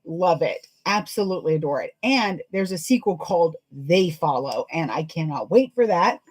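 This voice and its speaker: A woman with a somewhat low voice chats on a sewing livestream. She rambles from one thought to the next and laughs often as she works. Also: animated, moderate pace, darkish tone, slightly rough, poor audio. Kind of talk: casual chat while sewing live.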